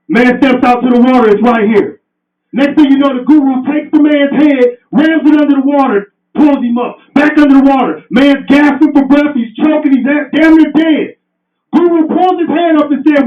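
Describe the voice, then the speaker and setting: A man's voice: very high-pitched, steady tone, moderate pace. A man giving a passionate, preachy motivational speech to a live audience at an indoor event. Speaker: motivational speaker. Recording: roomy, distant, dull sound.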